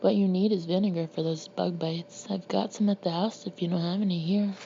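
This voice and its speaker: A woman voicing a blunt, bossy old father who talks in a gruff, matter-of-fact way, in a storybook reading. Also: on the low side, steady tone, fairly quick, mellow, dull audio, a little hiss or hum. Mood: impatient.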